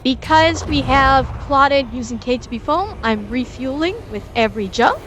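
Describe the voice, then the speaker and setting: Woman streamer, high and super animated, chatty how-to with her chat, bit of music behind. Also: normal speed, noisy background. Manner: chatty, explains step by step while addressing chat. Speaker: game streamer teaching a lesson. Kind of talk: casual livestream tutorial.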